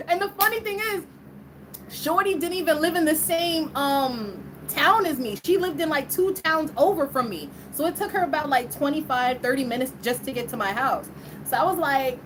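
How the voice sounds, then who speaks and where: A young woman tells a personal story in a relaxed, chatty way, breaking into laughter and playing out what each person said. Her voice sits high. A steady noise runs clearly under the recording. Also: fairly quick, low-quality recording. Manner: laughs often, acts out quoted voices. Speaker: vlogger. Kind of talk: casual storytelling.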